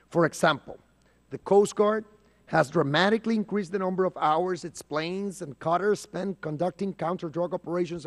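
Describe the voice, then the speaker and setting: A man from Puerto Rico with a slightly raised pitch delivers a prepared statement at a congressional hearing. He moves through facts, dates and statistics in measured order and stresses the words he wants noticed. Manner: deliberate, emphatic, lists facts and figures. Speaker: congressman questioning a witness. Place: committee hearing room.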